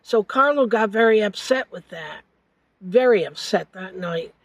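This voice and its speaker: An older woman recounting a family story in an interview, halting and correcting herself as she goes. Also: mid-range voice, animated, dry recording, rough recording. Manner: halting, with frequent hesitations and self-corrections.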